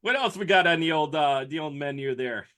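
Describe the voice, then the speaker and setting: A man's voice: on the high side, animated, a little fast, sharp tone. A man co-hosting a podcast, teasing and laughing often in casual banter. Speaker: podcast co-host.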